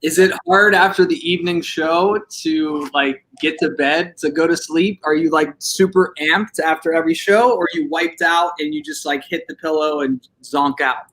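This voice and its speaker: A man's voice: a little high, steady tone, moderate pace, few pauses, a bit bright, low-quality recording. A man interviewing a guest in a playful, casual way, asking rambling questions with slang.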